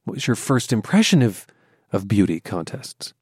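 Male radio host, mid-pitched and animated, dry close-mic sound, friendly questioning. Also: moderate pace, breathy edge, no echo. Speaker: radio interviewer. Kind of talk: broadcast interview.

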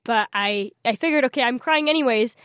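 Young woman guest, higher voice, dry close sound, bubbly, laughing storyteller. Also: a little fast, smooth, no room sound. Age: young adult. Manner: bubbly, laughing, animated retelling. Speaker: interview guest, scholarship winner. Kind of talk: casual storytelling in interview.

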